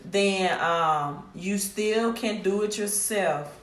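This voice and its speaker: A woman's voice: mid-range voice, slow pace. Mississippi woman, echoey live stream. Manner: direct, scolding, repeats herself. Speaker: credit repair business owner hosting a live stream. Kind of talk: casual live stream pitch. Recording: echoey room.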